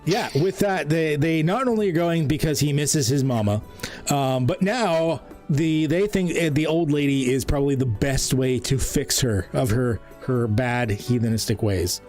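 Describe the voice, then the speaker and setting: A man runs a tabletop game, rambling through his narration with plenty of fillers. His voice sits somewhat high, and faint music plays in the background. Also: normal speed, darkish tone. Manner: rambling, laughs often, lots of fillers. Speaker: game master.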